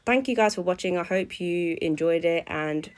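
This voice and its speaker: A woman's voice: lowish voice, moderate pace, clean tone. A young woman, chatting through a cooking vlog in a playful, self-mocking way. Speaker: vlogger.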